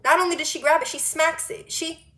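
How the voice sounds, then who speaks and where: A woman of twenty telling a storytime monologue, animated and blunt, swearing freely and firing off rhetorical questions. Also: very high-pitched, fairly quick. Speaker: vlogger.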